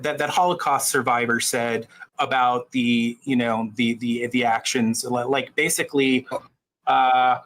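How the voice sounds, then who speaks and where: A man's voice: mid-range voice, a bit bright, a little hiss or hum, low-quality recording. A man arguing in a debate, stumbling and restarting his sentences. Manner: halting, many restarts. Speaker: debate guest. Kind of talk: debate argument.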